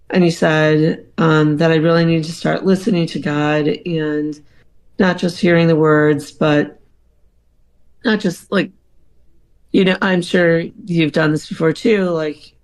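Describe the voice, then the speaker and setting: A podcast guest recounts a story in a loose, halting way, leaning on ums and likes as the thoughts form. The voice stays level and flat in pitch, with a gravelly fry running under it. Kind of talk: casual storytelling, recounting a dream.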